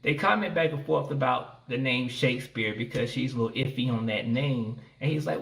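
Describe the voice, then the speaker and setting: A man comically recapping a scene with deadpan delivery and crude asides. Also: mid-range voice, a little fast, creaky, few pauses, recorded from a distance. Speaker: comedian presenting a recorded clip.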